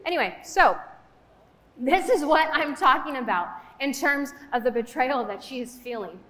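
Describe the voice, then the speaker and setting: A woman's voice: high-pitched, lively intonation, normal speed, pushed and bright. Young woman preaching in an echoey hall. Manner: chatty, conversational, with frequent fillers. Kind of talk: casual sermon. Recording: echoey hall with long reverb.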